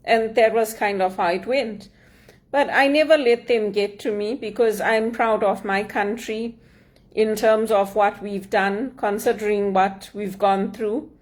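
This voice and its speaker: A woman's voice: medium pitch, steady tone, measured pace. Earnest middle-aged Zimbabwean woman. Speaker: motivational speaker and mentor. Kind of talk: motivational talk.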